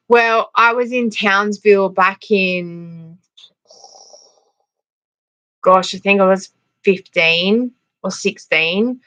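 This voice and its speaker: A woman's voice: mid-range voice, fairly bright tone, no echo. A middle-aged Australian woman hosting a casual livestream, chatting and telling funny stories. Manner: chatty storyteller, laughs often, reads out viewer comments. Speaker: livestream host.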